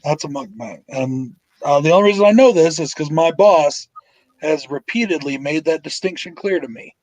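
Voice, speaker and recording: A man's voice: a little high, normal speed, darkish tone, no room sound, poor audio. A man hosting a casual live stream chat, blunt and swearing freely. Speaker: host.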